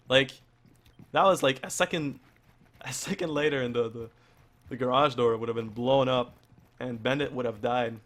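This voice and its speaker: Halting, hoarse male esports caster. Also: medium pitch, fairly bright tone. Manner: halting, with frequent restarts and fillers. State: hoarse, losing his voice. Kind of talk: live play-by-play commentary.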